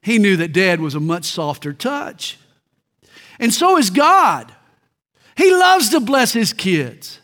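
A middle-aged male pastor delivering a sermon, telling stories and slowing down to stress key points. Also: sits high, big pitch swings, fairly bright tone.

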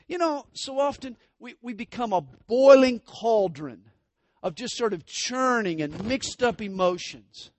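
A man preaching a sermon, expounding scripture and praying aloud, swinging between loud declarations and hushed asides. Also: on the high side, no room sound.

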